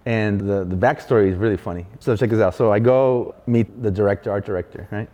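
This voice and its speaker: A man guesting on a casual chat, telling a story with animated energy and plenty of swearing, and acting out other people's lines. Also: on the low side, a little fast, lo-fi sound. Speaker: guest graffiti artist. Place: large arts venue room. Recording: echoey hall.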